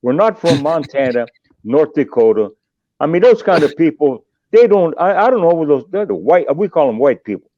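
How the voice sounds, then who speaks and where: Older male guest, animated storyteller, dry dull recording. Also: a little high, moderate pace, no echo. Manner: animated and emotional, voice jumps up in excitement. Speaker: guest musician. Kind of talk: storytelling in a podcast interview.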